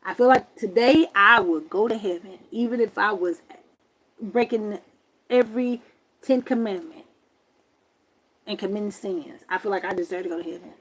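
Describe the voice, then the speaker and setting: A woman hosting a livestream, telling a story to her viewers in a loud, profane, exasperated rant from her camper. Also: mid-range voice, normal speed, long pauses, rough recording. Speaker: livestream host.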